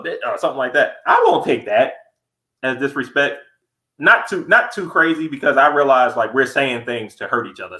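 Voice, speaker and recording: Fast-talking man on a podcast. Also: medium pitch, echoey room, low-quality recording. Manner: blunt, animated, acts out heated quotes. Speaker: podcast co-host. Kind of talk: casual chat.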